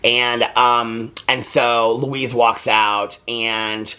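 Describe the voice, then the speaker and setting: A man's voice: mid-range voice, little pitch movement, drawn-out words, pushed and bright, clear, resonant tone. A man in his fifties hosting a casual movie review vlog, talking in a chatty, rambling and heartfelt way. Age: 50s. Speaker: host.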